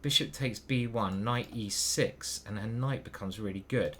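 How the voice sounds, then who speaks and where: A man's voice: lowish voice, measured pace, a bit bright, slight background noise. A man thinking aloud as he plays online chess, muttering moves and questioning himself. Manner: muttering move by move, hesitant self-questioning. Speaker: chess grandmaster commentating his own games.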